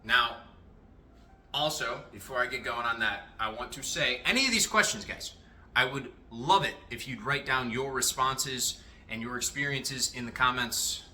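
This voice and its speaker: A man giving a casual motivational monologue to his viewers, animated and freely swearing as he talks to them directly. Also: mid-range voice, normal speed. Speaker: self-improvement vlogger.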